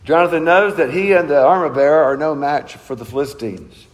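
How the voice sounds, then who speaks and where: A man's voice: fairly high pitch, a little fast, long reverb tail, rough recording. A man preaching a sermon in an earnest, emphatic way, asking rhetorical questions. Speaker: pastor.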